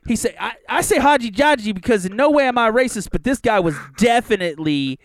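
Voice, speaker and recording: A man's voice: very high-pitched, fairly quick, no room sound. A man co-hosting a podcast, telling rambling comic stories full of swearing. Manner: profane, rambling, lively. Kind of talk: casual comedic storytelling.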